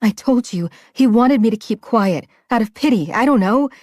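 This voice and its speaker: A woman's voice: fairly high pitch, animated, normal speed, darkish tone, dry recording, studio quality. A woman voicing a desperate middle-aged mother who pleads in a strained voice.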